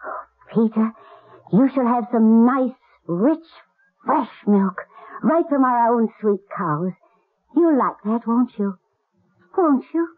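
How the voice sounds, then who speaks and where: A woman's voice: a little high, animated, slow pace, pauses often, full character voice. A tearful, tender noblewoman. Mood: coaxing. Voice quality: husky, tearful. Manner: gentle, pleading. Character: tender noblewoman mourning a lost son. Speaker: lady of the house. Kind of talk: 1970s radio drama acting. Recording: lo-fi old radio broadcast.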